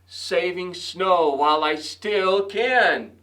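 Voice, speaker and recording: A man's voice: high voice, moderate pace, pushed and bright. A man voicing a cranky, grumbling male rabbit in a read-aloud storybook, complaining about spring. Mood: grumpy.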